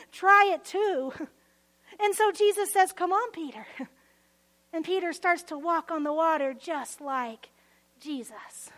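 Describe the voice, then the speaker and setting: A woman preaching a sermon, earnest, swelling to emotional emphasis and dropping to soft near-whispers. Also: very high-pitched.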